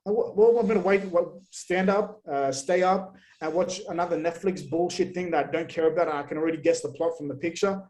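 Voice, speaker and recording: Man, podcast guest, slightly high voice, blunt and profane. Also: brisk, hardly any pauses, rough recording. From Australia. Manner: blunt, heavy swearing, animated rants. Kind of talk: casual conversational interview.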